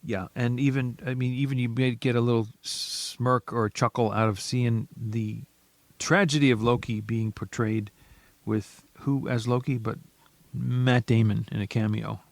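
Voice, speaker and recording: A man in a middle pitch co-hosts a casual film podcast. He chimes in with short agreements and dry, teasing jokes. His voice sounds dry and close-miked. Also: steady tone, a little slow, no echo. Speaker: podcast co-host. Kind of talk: casual movie review chat.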